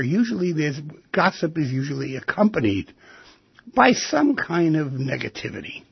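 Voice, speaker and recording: A male radio host talks in a reflective monologue, asking his listeners rhetorical questions. His voice is gravelly and husky and sits a little high for a man. The sound is dry and dull, like an old lo-fi broadcast. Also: sing-song, normal speed, no room sound. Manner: thoughtful, asks rhetorical questions.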